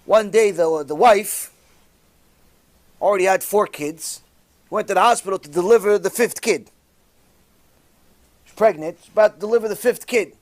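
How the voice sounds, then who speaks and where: A man, a rabbi, telling a religious story in an animated way, with sudden loud bursts. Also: high-pitched, moderate pace, long pauses.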